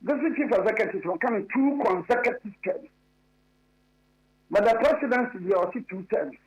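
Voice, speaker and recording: High-pitched, emphatic man. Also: moderate pace, dull audio. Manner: emphatic, repeats his points insistently. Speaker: political commentator. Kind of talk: radio talk show debate.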